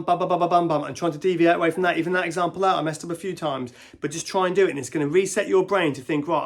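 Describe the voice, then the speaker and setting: A man teaching guitar in a casual way, counting beats and scatting rhythms aloud. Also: fairly high pitch. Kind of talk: casual instructional talk. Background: guitar and backing track playing.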